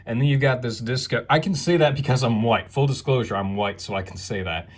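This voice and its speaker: A man with a mid-pitched voice narrates a casual show-and-tell. He rambles with fillers and keeps breaking off into crude, wisecracking asides. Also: brisk. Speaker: video host.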